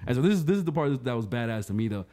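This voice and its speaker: Fast-talking animated male podcast host. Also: mid-range voice. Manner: animated storyteller, peppers talk with "you know what I'm saying". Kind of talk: casual chat and storytelling.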